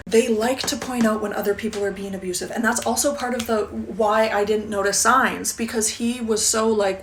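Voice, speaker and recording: A woman's voice: medium pitch, a bit bright, slight background noise. A woman telling a personal story in a casual, conversational vlog, talking from a sauna. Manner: casual, conversational, frequent fillers. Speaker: vlogger.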